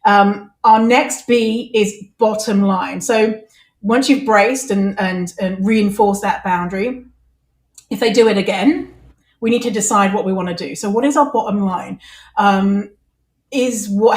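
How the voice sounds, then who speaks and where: A woman's voice: medium pitch, measured pace. A woman hosting a podcast, talking candidly and laughing easily in casual chat. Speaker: podcast host. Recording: echoey room.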